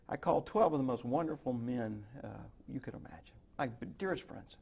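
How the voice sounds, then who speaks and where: A middle-aged man, a guest on a television interview, tells a heartfelt personal story, halting now and then with restarts and fillers. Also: medium pitch, animated, a little mellow. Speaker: guest, author and speaker. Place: television studio.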